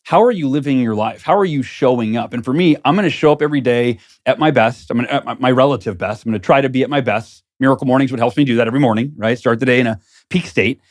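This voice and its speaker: A man's voice: mid-range voice, fast. A man as a guest author in an interview, talking earnestly and thinking aloud in a studio. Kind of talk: casual interview conversation.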